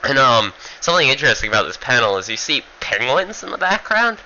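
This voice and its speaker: A man's voice: medium pitch, big pitch swings, fast, sharp tone, muffled recording, a little hiss or hum. A man giving a casual, rambling manga review, full of fillers and swearing.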